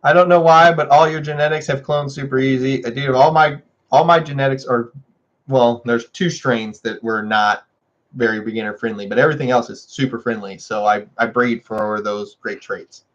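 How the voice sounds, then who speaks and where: A man's voice: fairly even intonation, normal speed, a bit bright, muffled recording. A man hosting a casual livestream, chatting with viewers and laughing often. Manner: chatty, laughs often, scolds his dogs in a high voice. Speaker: livestream host.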